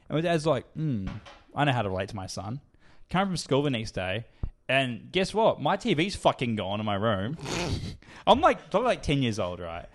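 A man, co-hosting a casual podcast and telling a crude story, swearing and laughing as he goes. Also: mid-range voice. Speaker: podcast co-host.

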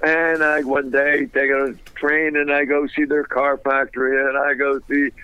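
An older man, a guest on a radio interview, telling anecdotes in a lively way and laughing through his stories. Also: mid-range voice, a little slow, smooth, no echo. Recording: dull, dry lo-fi sound.

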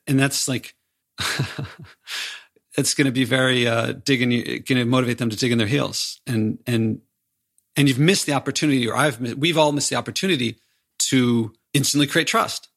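A man's voice: medium pitch, a little fast, fairly bright tone. A man hosting a podcast interview, enthusiastic and a little self-deprecating as he jumps in with questions. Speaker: podcast host. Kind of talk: casual interview talk.

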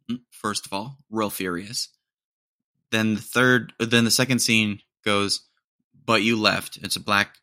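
Slow-talking young man, bright sarcastic rant. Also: fairly low pitch, gravelly. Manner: rambling, sarcastic, laughs at own jokes. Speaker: podcast host. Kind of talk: casual comedic monologue.

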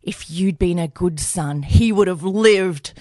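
A woman's voice: on the low side, slow, warm tone, no echo. Brief: a woman playing a drunk, spiteful mother, slurring and berating, dry close sound. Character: drunken cruel mother berating her son.

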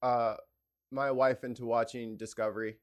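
A man's voice: medium pitch, little pitch movement, moderate pace. A man co-hosting a podcast in casual chat, joking and teasing his friends. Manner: joking, teasing, mock-paranoid. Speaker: podcast co-host.

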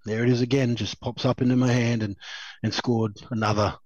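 A man's voice: mid-range voice, level tone, brisk, darkish tone, no echo. An Australian man in his thirties with a mid-range voice, chatting as an interview guest. He rambles, restarts and laughs often as he tells stories. The recording is dry and a little muffled. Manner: rambling, laughs a lot, many fillers and restarts. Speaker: guest, former rugby league player. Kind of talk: casual storytelling chat. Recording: slightly dull dry recording.

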